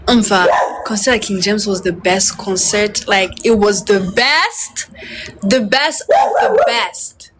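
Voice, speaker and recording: A woman telling a story in a casual interview, excitable, switching between languages and laughing often. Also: medium pitch, slow pace, noisy background.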